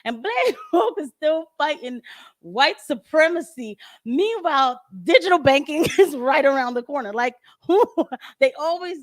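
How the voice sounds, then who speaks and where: A woman host in a casual podcast chat, speaking, animated and laughing often. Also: high-pitched, a little slow, no room sound, clean studio sound.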